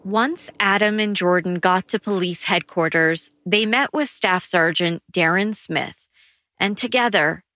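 Bright female documentary narrator. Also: medium pitch, dry recording, studio quality. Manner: even, measured reporting. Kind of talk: scripted narration.

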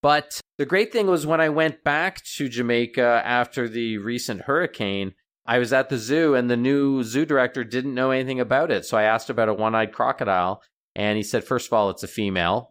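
A middle-aged man, a veterinarian guest, telling stories in a casual radio interview with lively jumps in pitch. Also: a little fast, smooth. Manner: animated storyteller, pitch jumps up when excited.

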